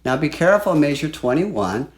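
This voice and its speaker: A man teaching flute in a relaxed, chatty way, walking through a piece and singing phrases aloud. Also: on the high side, moderate pace. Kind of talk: music lesson. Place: home studio.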